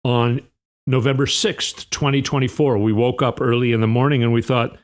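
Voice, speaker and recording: A man's voice: mid-range voice, level tone, normal speed. A man hosting a podcast, delivering a rambling, sarcastic political monologue with an indignant edge. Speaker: podcast host.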